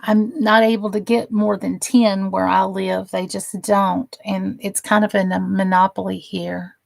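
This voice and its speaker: A woman's voice: medium pitch, flat delivery, a little slow, vocal fry, no room sound. A woman hosting a casual crafting live stream, chatting with viewers and gushing over the crafts she shows. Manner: gushing and admiring, chatty asides.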